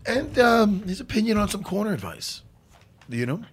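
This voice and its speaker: A man's voice: high voice, big pitch swings, measured pace, pushed and bright, husky. A man hosting a podcast, chatting casually and rambling with self-deprecating jokes and swearing. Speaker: podcast host. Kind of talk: casual interview chat.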